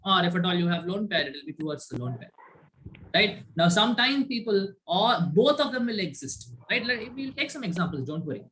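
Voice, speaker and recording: Bright-voiced male chemistry teacher online. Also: high-pitched, a little hiss or hum. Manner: quizzes students, frequent "right?" tag questions. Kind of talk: online class lecture. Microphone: video call.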